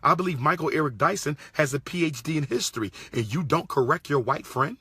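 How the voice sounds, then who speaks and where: A man's voice: a little high, a little fast, sharp tone, breathy edge, no room sound. A man from Pennsylvania giving an indignant commentary, repeating his points and firing off rhetorical questions. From Pennsylvania, USA. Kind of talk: impassioned monologue.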